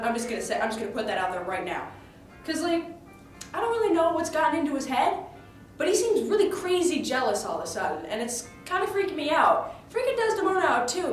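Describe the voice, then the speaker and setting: A woman with a somewhat high voice tells a story in character, loose and chatty and full of fillers. She sounds far off in a very echoey room, with music playing clearly behind her. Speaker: student retelling a play in character. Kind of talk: casual in-character retelling.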